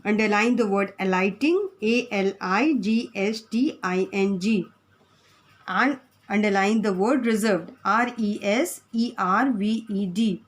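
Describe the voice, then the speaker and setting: A woman's voice: mid-range voice, a little slow. A woman teacher, giving a lesson to children and spelling words out letter by letter.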